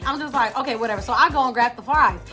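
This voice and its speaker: A young adult woman telling a storytime vlog in an animated, slangy way, talking straight to her viewers. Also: high voice, fast, faint music behind. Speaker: vlogger.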